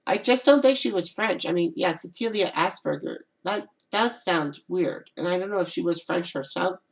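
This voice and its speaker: Creaky-voiced woman rambling to camera. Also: lowish voice, a bit bright, rough recording. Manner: rambling, repeats "and all that". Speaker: channel host. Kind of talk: casual solo commentary.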